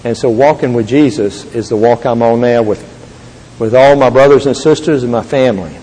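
An older man giving an earnest, halting Christian testimony to an audience. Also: medium pitch, warm tone, husky. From Texas. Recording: long reverb of a large hall.

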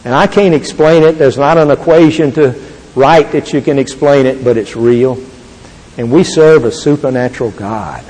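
An older man giving an earnest, halting Christian testimony to an audience. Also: mid-range voice, mellow, slightly rough. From Texas. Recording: long reverb of a large hall.

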